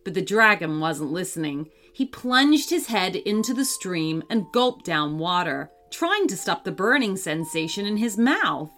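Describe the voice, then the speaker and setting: A woman reading a children's story aloud as scripted narration, in an expressive storytelling manner. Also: fairly low pitch, measured pace, hardly any pauses. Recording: faint music under the voice.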